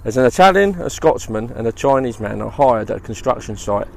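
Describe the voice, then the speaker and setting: A man's voice: mid-range voice, lively intonation, a little fast, vocal fry. A man co-hosting a crude comedy podcast, swearing freely and ranting in a jokey way. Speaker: podcast co-host. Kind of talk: crude casual comedy chat.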